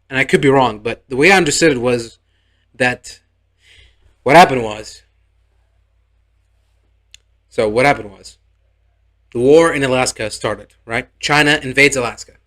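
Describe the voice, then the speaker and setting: A man's voice: medium pitch, expressive, a little slow, pauses often, a bit bright. A young man recapping a TV episode in a casual, sarcastic review. He rambles and acts out the characters' lines. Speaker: show reviewer.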